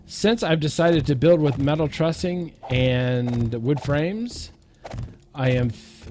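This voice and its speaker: Slow, goofy man narrating gameplay. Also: fairly high pitch, darkish tone, a little hiss or hum. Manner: playful, chanting counts under his breath; self-mocking, goofy asides. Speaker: gameplay commentator. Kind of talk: casual gameplay commentary.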